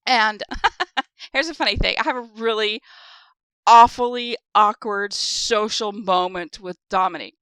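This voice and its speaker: A woman's voice: mid-range voice, measured pace, bright, forceful tone, clean tone, no room sound. A woman co-hosting a podcast, telling stories in a rambling, chatty way with lots of fillers. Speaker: podcast co-host. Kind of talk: casual chat.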